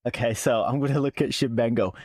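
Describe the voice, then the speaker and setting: A man's voice: mid-range voice, fast, darkish tone, slightly rough, no room sound, clean studio sound. A man playing a tabletop game, chatting casually and laughing often. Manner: giggly, playful, laughs often. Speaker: player.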